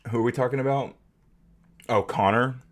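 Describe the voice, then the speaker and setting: A man's voice: medium pitch, steady tone, normal speed. A man hosting a live stream, giving heated, emphatic commentary. He swears freely and often repeats himself as he talks. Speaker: streamer host.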